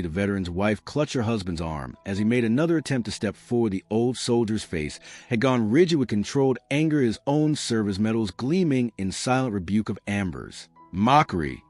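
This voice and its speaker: A man narrating a scripted story in a steady storytelling manner. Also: lowish voice, moderate pace, few pauses, no room sound, faint music behind.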